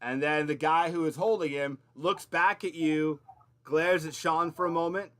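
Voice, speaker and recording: A man narrating a tabletop game as its game master. He talks in a loose, casual way with plenty of fillers. His voice sits a touch high for a man. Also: fairly even intonation, normal speed, fairly bright tone.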